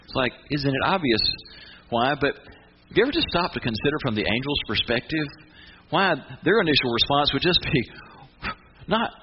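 Passionate preacher, animated and lively. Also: male voice, mid-range voice, moderate pace, long pauses, lo-fi sound, heavy background noise. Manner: builds to near-shouting fervor, acts out voices of angels and Mary. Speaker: pastor. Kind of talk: sermon.

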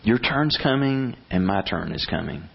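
Guy preaching a sermon, kinda husky, gets loud and animated, muffled recording. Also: fairly low pitch, normal speed. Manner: animated, acts out prayers in a rising voice, blunt. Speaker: pastor.

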